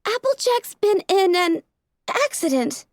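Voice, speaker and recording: A woman voicing a young female unicorn pony, a little sister with a bright, eager way of talking. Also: very high-pitched, sing-song, a little slow, no echo, studio quality, pitched above the performer's own voice, exaggerated voice.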